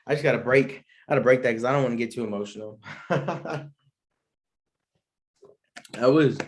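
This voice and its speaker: A young man, hosting a solo podcast in a laid-back, rambling way and laughing often. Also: medium pitch. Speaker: podcast host. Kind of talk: casual solo podcast chat.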